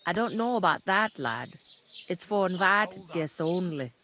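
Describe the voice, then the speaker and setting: A woman's voice: fairly low pitch, animated, unhurried, bright, forceful tone, exaggerated voice. Game tavern keeper, woman, gossipy and blunt, shifting accent, light hiss behind. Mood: chatty. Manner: accent drifts between regions mid-sentence.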